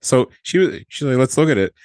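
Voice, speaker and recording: His mid-range voice runs a little fast as the former flight attendant tells a podcast story in a casual way. He gets animated, acting out the dialogue, and laughs often; the recording is dry.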